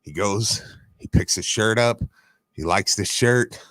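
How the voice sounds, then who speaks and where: A man's voice: fairly low pitch, measured pace, no room sound. A man co-hosting a sports radio show, telling a story with lots of laughter. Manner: animated storyteller, laughs often. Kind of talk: casual sports radio chat.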